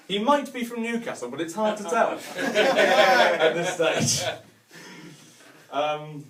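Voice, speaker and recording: Man, Northern English accent, stand-up comedian, self-mocking, fairly high voice, echoey hall. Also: lively intonation, measured pace, fairly bright tone. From Northern England. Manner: chatty, self-mocking, with mild swearing. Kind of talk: stand-up routine. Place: large hotel venue with a live audience. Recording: echoey room, distant mic, faint noise.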